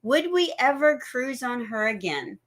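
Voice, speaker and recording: A woman's voice: high-pitched, very animated, a little slow. A woman co-hosting a casual live stream, chatting plainly about a trip. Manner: chatty, laughs along, explains plainly. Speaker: co-host of cruise live stream.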